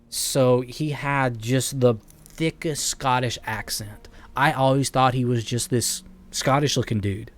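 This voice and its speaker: Man, faint Southern US accent, game streamer, rambling and chatty with chat, easy laughs. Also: mid-range voice. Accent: slight Southern US. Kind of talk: casual gaming stream chat.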